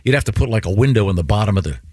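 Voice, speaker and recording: A radio host in casual studio banter, telling stories and acting out exclamations. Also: male voice, on the low side, very fast, husky, no room sound. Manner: animated storyteller, acts out exclamations.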